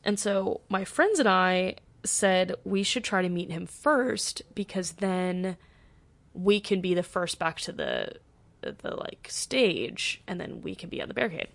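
A woman's voice: on the low side, sing-song, measured pace, creaky, no echo. A young woman hosting a podcast, telling a story in a gushing, chatty way with many "like"s. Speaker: podcast host. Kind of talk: casual storytelling.

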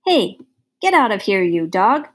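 A woman voicing a wild male madman who rules a garbage heap, shouting in a frantic, possessive way in a storybook reading. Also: medium pitch, big pitch swings, measured pace, slightly rough. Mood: outraged.

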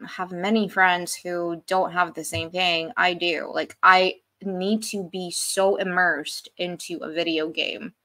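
Woman, podcast guest, slow pace, blunt, laughs a lot, casual chat. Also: lowish voice, a bit bright. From Australia.

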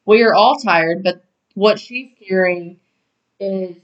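A woman's voice: medium pitch, slow pace, recorded from a distance. Female podcast co-host, earnest and casual, muffled off-mic sound. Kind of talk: casual chat. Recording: dull, set back from the mic.

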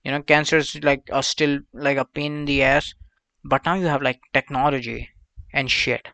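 A man's voice: mid-range voice, flat delivery, moderate pace, pushed and bright, dry recording. A man hosting a solo podcast, rambling crudely with lots of profanity, fillers and side tangents. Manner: meandering, with frequent fillers and asides. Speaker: podcast host.

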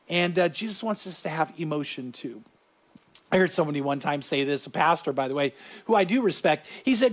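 A man preaching a sermon as a pastor to a live group, earnest and animated, often restarting and repeating himself. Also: fairly high pitch, fairly quick.

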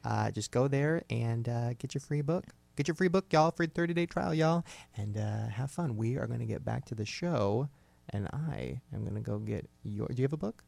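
A man hosting a podcast in casual chat, telling animated stories and mimicking people in high voices. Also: moderate pace, vocal fry, dry recording. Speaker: podcast host.

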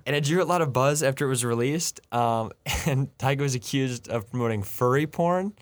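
A man's voice: medium pitch, a little fast, no echo. Dry, amused male podcast host. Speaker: podcast co-host reviewing albums. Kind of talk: casual chat.

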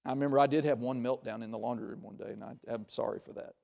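A man preaching a sermon in a church, conversational and joking, with sudden loud bursts. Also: mid-range voice, steady tone, racing, creaky. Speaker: pastor. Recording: long reverb of a large hall.

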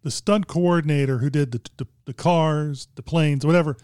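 A man's voice: a little high, moderate pace, a little mellow, clear, resonant tone, no echo, studio quality. A man guiding a casual movie discussion, talking in a rambling, chuckling way.

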